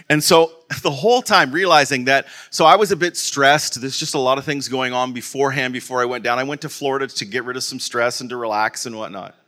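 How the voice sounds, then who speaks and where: A man telling a long personal story in a bright, forceful voice. He rambles loosely, stumbling over restarts and leaning on stock fillers. His humour is easygoing and self-mocking. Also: medium pitch. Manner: rambling, repeats "okay, in there" and "and whatnot". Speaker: vlogger.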